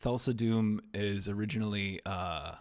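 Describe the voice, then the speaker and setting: A man with a low voice hosts a casual film podcast. He rambles and jokes in a wry, meandering way, and his sentences often sink into quiet mumbles. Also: normal speed. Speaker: podcast host.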